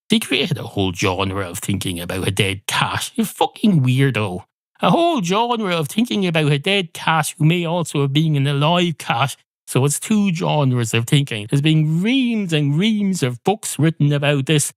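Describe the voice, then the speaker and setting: Ranting man, lively pitch. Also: normal speed, dry recording, studio quality. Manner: ranting, sweary, absurd. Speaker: podcast host. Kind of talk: comic monologue.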